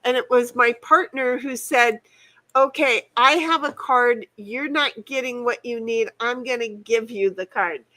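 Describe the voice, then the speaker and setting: A woman's voice: on the high side, a little slow, bright, forceful tone, rough recording. A woman hosting a game stream in casual chat, rambling and playful, laughing and swearing freely. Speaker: streamer host.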